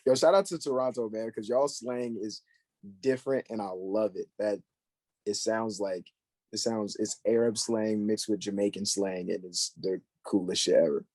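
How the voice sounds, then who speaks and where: A man's voice: fairly low pitch, normal speed, no echo. A young man chatting casually on a podcast, slangy and full of fillers as he tells stories. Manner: slangy, filler-heavy, animated storytelling.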